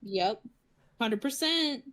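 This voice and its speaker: A woman's voice: a little high, expressive, slow pace, fairly bright tone. A woman co-hosting a podcast, chiming in with wry asides during a casual film recap. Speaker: podcast co-host.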